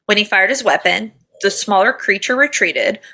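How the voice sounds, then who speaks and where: A woman with a bright, forceful voice co-hosts a casual podcast. She reads from her notes, then breaks off into jokes, cursing freely as she goes. Her pitch sits in the middle for a woman. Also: normal speed, slightly rough. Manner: swearing, jokey, reads story notes. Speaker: podcast co-host. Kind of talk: casual comedic chat.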